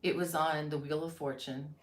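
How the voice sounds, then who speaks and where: A woman's voice: sits low, fairly even intonation, normal speed, echoey room. A woman from Florida hosting a crochet live stream, chatting casually, reading viewer comments aloud and laughing easily. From Florida, USA.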